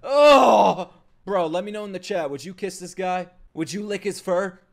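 A young man streaming his reaction to an anime, swearing, laughing and shouting out in bursts. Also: high voice, normal speed, creaky, background noise. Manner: excitable, swears a lot, loud outbursts and laughs. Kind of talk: live reaction commentary.

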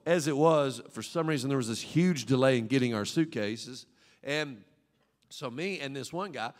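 A man preaching a sermon as pastor, fervent, with call-and-response prompts to the congregation and swings between loud exclamations and quiet asides. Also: on the high side, in a large hall. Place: church sanctuary.

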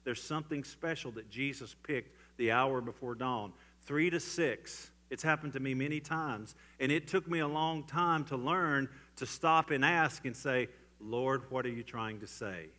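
A man preaching a church sermon, swinging from loud emphatic lines to hushed, quiet ones. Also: mid-range voice, unhurried, few pauses. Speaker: pastor. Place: church sanctuary.

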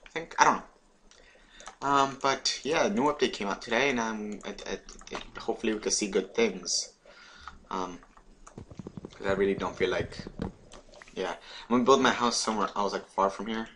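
A young man giving casual, excitable let's play commentary on a game, swearing and chanting words over and over. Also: lowish voice, normal speed, long pauses, a little hiss or hum. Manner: excitable, swears and sing-songs repeated words. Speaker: gaming YouTuber.

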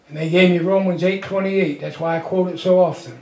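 High-voiced pastor preaching in an echoey church. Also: male voice, steady tone, a little fast, warm tone, slight background noise. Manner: folksy storytelling with frequent chuckles; call-and-response with the congregation. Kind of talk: sermon.

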